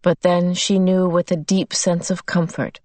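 A woman narrates a novel at a measured, unhurried pace. Her voice sits slightly low. The sound is dry and close. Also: little pitch movement, darkish tone, no echo. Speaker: audiobook narrator. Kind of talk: scripted narration.

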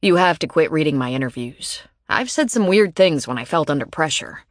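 A woman voicing a calm, methodical husband. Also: sits low, a little fast, no echo, studio quality. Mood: resigned.

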